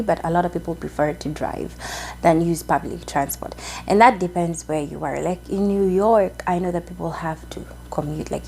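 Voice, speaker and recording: Chatty young Kenyan woman, low mellow voice. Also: a little hiss or hum. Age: young adult. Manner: rambling and chatty, many fillers, mixes in Swahili phrases. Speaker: vlogger. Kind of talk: casual chat to camera.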